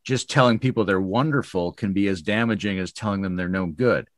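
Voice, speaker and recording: A man in a casual podcast discussion, explaining his points in a measured way. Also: fairly low pitch, dry recording, studio quality. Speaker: podcast guest.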